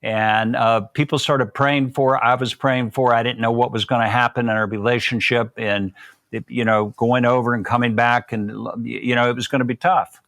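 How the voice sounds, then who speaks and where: An older man tells a long personal story in a relaxed, folksy way, slipping into quoted voices of the people in it. His voice sits in a middle pitch, close to a dry, dead-sounding mic. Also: normal speed, no echo. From Southern United States. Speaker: guest. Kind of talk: storytelling interview.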